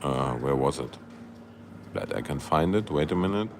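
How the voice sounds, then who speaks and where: Low-voiced man streaming live chart commentary. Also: moderate pace, a little hiss or hum. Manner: excitable, loose grammar, many fillers and "guys". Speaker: crypto livestream host.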